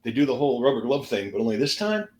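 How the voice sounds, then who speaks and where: A man and former stand-up comedian telling a story as a podcast guest, animated and laughing through his own punchlines. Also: medium pitch, fast talker, roomy sound.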